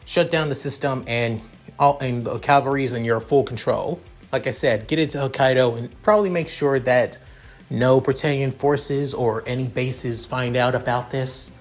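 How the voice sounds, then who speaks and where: A man's voice: medium pitch, normal speed, faint music behind, close to an everyday voice. A man voicing an easygoing young prince who rambles and stammers through explanations. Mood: commanding. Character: young male prince inventor, easygoing, sheepish.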